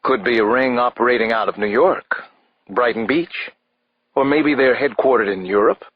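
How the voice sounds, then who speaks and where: A man narrating a first-person thriller audiobook in a measured, expressive way. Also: mid-range voice, slightly rough, no echo. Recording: slightly dull, dry studio audiobook.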